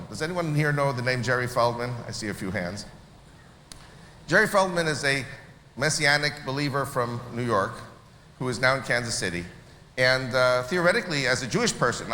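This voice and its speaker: A man from Israel telling a story to an audience, animated and acting out the people he quotes. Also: medium pitch. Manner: animated, acts out quoted voices. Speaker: speaker at a church meeting. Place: large hall. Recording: echoey hall with faint noise.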